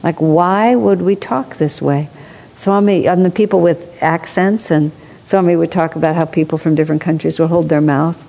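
Gravelly warm-voiced woman in reverb. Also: deep voice, normal speed. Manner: thoughtful storytelling with asides and soft laughs. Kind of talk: reflective spiritual discussion. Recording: long hall reverb.

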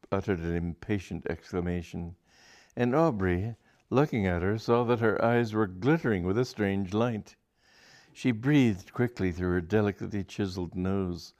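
A man's voice: fairly low pitch, a little mellow. A man reading a comic story aloud to an audience, with a dry, wry delivery.

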